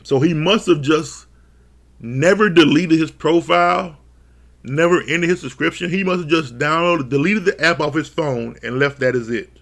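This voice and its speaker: Gravelly, laughing reality show reviewer man. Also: on the high side, moderate pace. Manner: laughs often, swears freely, animated retellings. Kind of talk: casual profane commentary.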